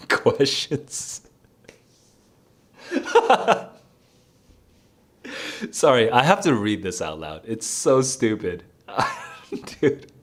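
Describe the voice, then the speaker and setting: Young guy tutor doing test questions out loud, lowish voice, mutters, laughs a lot, says dude. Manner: laughs often, mutters while reading, exclaims "dude". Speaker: SAT tutor streamer. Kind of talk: live think-aloud test solving.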